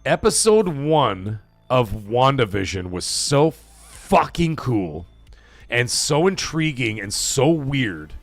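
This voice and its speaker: A middle-aged man hosting a live stream in loose, profane, rambling chat that breaks into bursts of shouting. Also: medium pitch, big pitch swings, slow, dry recording, soft background music. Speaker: livestream host.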